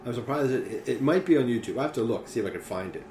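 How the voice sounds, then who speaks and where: A man's voice: medium pitch, very fast, far from the mic. Swearing storyteller man in an echoey room. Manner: animated storyteller, swears freely. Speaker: podcast co-host. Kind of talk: casual chat. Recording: echoey room with faint noise.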